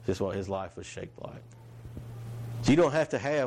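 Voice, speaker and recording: A man's voice: fairly low pitch, expressive, moderate pace, pauses often, darkish tone, slight background noise. Man preaching a casual sermon. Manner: conversational, repeats and restarts phrases, asks the congregation questions. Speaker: pastor.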